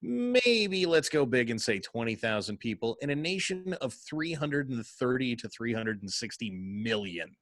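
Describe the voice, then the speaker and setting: A man hosting a casual podcast chat, sarcastic and quick to laugh. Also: medium pitch, very animated, a bit bright, no room sound.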